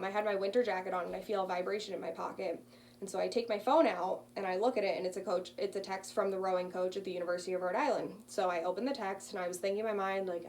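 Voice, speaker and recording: A woman in her early twenties, a student casually telling a personal story with frequent ums. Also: medium pitch. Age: early 20s. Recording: distant mic with faint hum.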